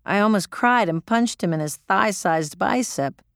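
A woman's voice: mid-range voice, expressive, a little slow, dry recording, clean studio sound. A woman narrating in the first person as an audiobook reader, gritty, profane and emotional.

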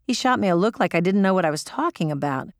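A woman's voice: fairly low pitch, lively intonation, quick pace, dry recording, studio quality. A woman narrating in the first person as an audiobook reader, gritty, profane and emotional.

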